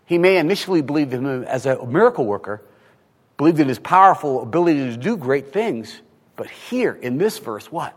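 A man preaching a sermon, animated, asking rhetorical questions and swinging from hushed tones to loud. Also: medium pitch, brisk. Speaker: pastor. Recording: long hall reverb.

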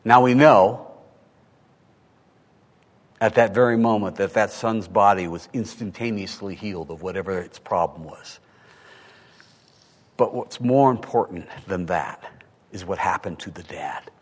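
A man preaching a sermon, animated, asking rhetorical questions and swinging from hushed tones to loud. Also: lowish voice, measured pace, long pauses. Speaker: pastor. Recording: long hall reverb.

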